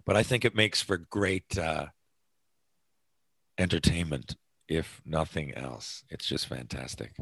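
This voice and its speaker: A man's voice: a bass voice, animated, slow, gravelly, pauses often, a bit bright, slightly rough, dry recording, rough recording. A man talking casually on his podcast, chatty and self-deprecating, with lots of fillers and restarts. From North America. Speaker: podcast host. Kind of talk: casual rambling monologue.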